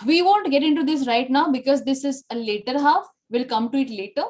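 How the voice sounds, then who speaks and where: A woman teacher with a high-pitched voice leads an online Spanish class. She explains patiently, tagging almost every line with "okay?" or "right?" to check that students follow. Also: brisk. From India.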